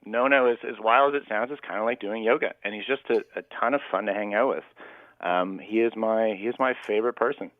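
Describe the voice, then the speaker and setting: A man's voice: lowish voice, quick pace, no echo. A man telling personal stories as a radio guest, earnest and rambling. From Canada. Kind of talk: radio phone interview. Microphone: phone. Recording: dry, tinny phone line.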